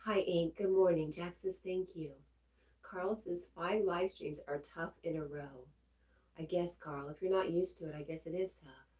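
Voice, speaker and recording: Low, mellow-voiced woman chatting on a livestream. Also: moderate pace, poor audio. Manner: relaxed, chatty, reads viewer comments aloud. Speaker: livestream host reading chat. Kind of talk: casual livestream chat.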